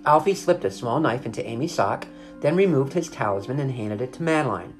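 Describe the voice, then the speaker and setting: Very low-voiced woman reading a storybook. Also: a little fast, soft background music. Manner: expressive, animated reading.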